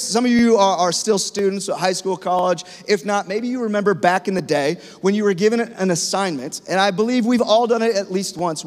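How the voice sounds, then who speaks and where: A man in his thirties preaching a sermon to his congregation in a conversational, storytelling way. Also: sits high. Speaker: pastor. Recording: long reverb of a large hall.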